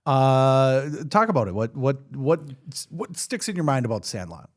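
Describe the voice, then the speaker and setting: A man's voice: mid-range voice, very animated, moderate pace. Emphatic laughing podcast host, a man. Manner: laughs often, emphatic rants. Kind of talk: casual movie chat.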